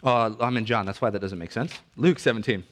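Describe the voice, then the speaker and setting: A married man preaching a sermon in a relaxed, conversational way, building intensity on his main points. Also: fairly low pitch, fairly quick. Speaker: pastor.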